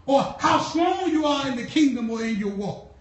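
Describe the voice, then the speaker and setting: A woman preacher with a high-sitting voice and lively intonation delivers her sermon at a moderate pace. Fervent and repetitive, she tells slangy stories conversationally, breaking into shouting bursts and laughs. The church recording is echoey and distant.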